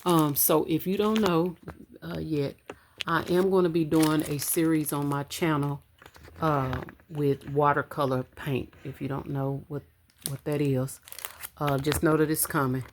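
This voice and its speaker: A woman talks to her viewers in a low, deep voice, relaxed and chatty, calling them y'all. She counts out small amounts aloud at home, recorded on a camera on a stand with a faint hiss of noise behind her. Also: measured pace. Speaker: budgeting vlogger. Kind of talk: casual chat to camera. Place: home room.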